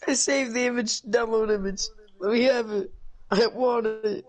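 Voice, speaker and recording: A man's voice: very high voice, fairly even intonation, moderate pace. A young man in a casual chat with friends, joking, laughing often and swearing freely.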